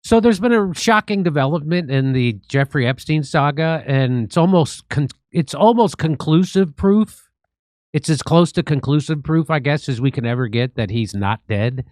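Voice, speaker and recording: A man's voice: a little high, expressive, moderate pace, a little mellow, dry recording. A man hosting a comedy show, delivering sarcastic, joking satirical commentary.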